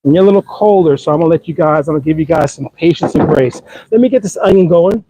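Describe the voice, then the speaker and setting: An upbeat, chatty middle-aged man hosts a live grilling stream outdoors and talks straight to his viewers. His voice sits a little high for a man, and the sound is close and dry with no room around it. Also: fast talker, dark tone, no room sound, lo-fi sound. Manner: upbeat, chatty, talks to the food while cooking. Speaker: cooking channel host. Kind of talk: live grilling demonstration, casual talk to viewers.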